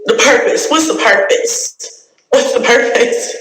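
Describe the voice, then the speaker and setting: A woman's voice: fairly high pitch, unhurried, a bit bright. A woman YouTuber venting in an angry, profane rant, repeating herself and sounding completely fed up. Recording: roomy echo.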